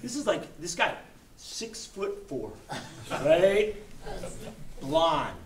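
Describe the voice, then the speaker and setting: A man giving a speech to a gathering, telling a story in a folksy, animated way that drops low for suspense and rises into rousing calls. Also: extremely slow, a little hiss or hum. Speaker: rally speaker. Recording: echoey room, voice heard from a distance.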